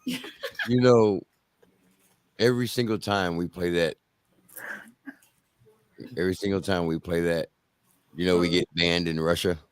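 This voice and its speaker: A man co-hosting a podcast, making laid-back, drawn-out remarks in casual chat. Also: low voice, steady tone, smooth. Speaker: podcast co-host.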